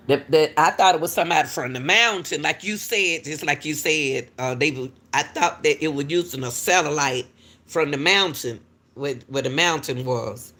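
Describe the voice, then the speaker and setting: A woman, a school crossing guard, casually telling viewers a story in an animated way and calling out to them often. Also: low-pitched. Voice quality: talks straight to viewers with repeated "y'all", animated and laughing.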